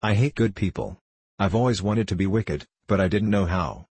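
A man's voice: fairly low pitch, moderate pace, a little mellow, husky, dry recording. A man voicing Kiki, a defiant young runaway. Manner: blunt, defiant.

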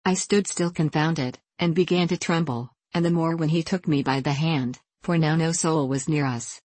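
A woman narrating a classic novel as an audiobook, in a measured, earnest reading. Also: low-pitched, darkish tone, dry recording.

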